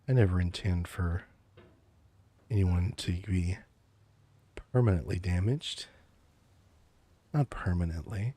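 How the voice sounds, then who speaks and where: A man streaming a game as a VTuber, talking in a soft, teasing, mock-menacing calm tone in a whispered role-play, close to the mic. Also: deep voice, takes it slowly, creaky, long pauses, husky.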